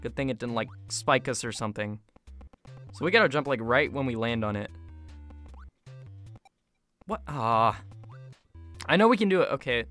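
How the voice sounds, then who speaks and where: Excitable young gamer with lively pitch. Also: moderate pace, pauses often, soft background music. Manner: excitable, yelps and laughs at sudden deaths. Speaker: gaming YouTuber. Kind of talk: casual gameplay commentary. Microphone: phone mic.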